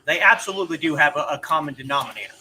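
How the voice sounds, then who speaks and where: A man's voice: on the high side, very fast, slight background noise. A man in his forties chatting casually and jokily while livestreaming a game. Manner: chatty, animated and jokey. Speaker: streamer.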